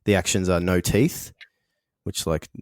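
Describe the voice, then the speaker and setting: Low-voiced man with dry humour. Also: measured pace, dry recording. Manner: dry, laughing easily, wry asides. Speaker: podcast co-host. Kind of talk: comedic podcast banter.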